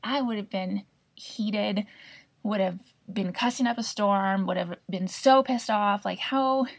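Chatty woman with a gravelly, husky voice. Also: medium pitch, measured pace. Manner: chatty, expressive, swears casually. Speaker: podcast host. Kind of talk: casual storytelling monologue.

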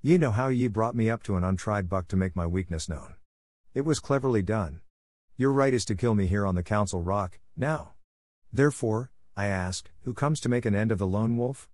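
A man's voice: fairly low pitch, normal speed, darkish tone, dry recording, close to an everyday voice. A man doing a weary old wolf chief in a storybook reading, solemn and dignified. The voice sits somewhat above the reader's own, and the recording is close and dry. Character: old male wolf, weary pack leader. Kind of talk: audiobook reading.

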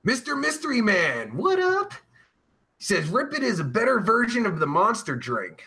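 A man talks casually on a live stream in a high, bouncy voice that swings all over. His tone is bright and sharp, and his talk is rambling and crude, heavy with filler words and swearing. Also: sing-song. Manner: drawn-out groaning sighs of pleasure. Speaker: live-stream show host reading chat.

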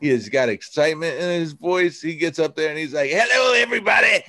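A man co-hosting a casual recovery podcast, talking in a relaxed storytelling way. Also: a little high, brisk, a crowd in the background. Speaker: podcast co-host. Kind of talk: casual recovery-group chat.

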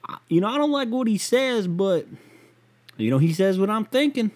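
A man voicing a grudging voter with a whiny, halting way of talking. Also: high-pitched, animated, a little mellow, no room sound, voice pushed up. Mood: defensive. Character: grudging male voter defending his candidate.

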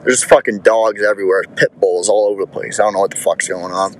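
A man's voice: lowish voice, steady tone, fast, slight background noise, poor audio. Crude rambling young man telling a story. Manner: crude, rambling, swears a lot with many restarts. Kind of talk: casual storytelling.

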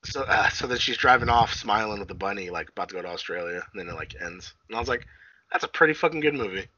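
A man chatting casually on a podcast, his voice lively and swooping with a bright, slightly husky edge. He rambles through a movie plot and jumps higher whenever he quotes someone. The sound is dull and lo-fi. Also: fast, no room sound. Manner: rambling retelling, acts out character lines with raised pitch, swears. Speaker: podcast co-host. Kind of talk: casual movie recap chat.

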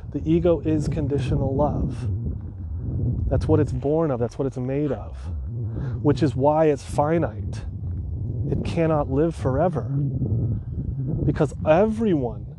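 A man's voice: fairly high pitch, a little slow, pauses often, background noise. A man podcasting, telling a personal story in an earnest, heartfelt way, with sighs between thoughts.

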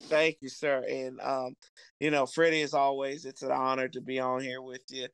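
Gravelly, flat-voiced laid-back man. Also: mid-range voice, normal speed, no room sound. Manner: laid-back, rambling with fillers. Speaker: podcast guest. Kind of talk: casual podcast chat.

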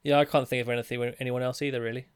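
A man co-hosting a casual sports podcast, agreeable and quick to laugh. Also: medium pitch, flat delivery, clear, resonant tone, no room sound. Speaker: podcast co-host.

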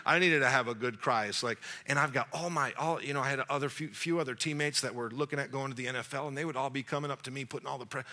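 A man's voice: a little high, fast. A man in his forties preaching to young adults, telling a story with jokes and acting out the dialogue. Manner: animated, jokey storyteller, acts out dialogue. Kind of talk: storytelling sermon.

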